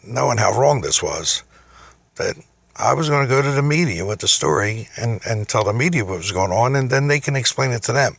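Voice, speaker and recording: A middle-aged man with a gravelly, husky voice, telling his own story casually and getting indignant when he quotes himself. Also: medium pitch, lively intonation, a little fast, a bit bright, no room sound. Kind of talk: casual first-person storytelling.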